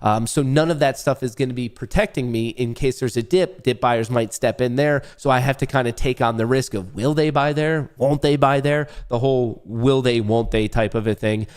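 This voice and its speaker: This young man hosts a live day-trading stream, and his medium-pitched, darkish voice is smooth, moving at normal speed with few pauses. His commentary is casual and loose, full of jokes and swearing as he talks to chat.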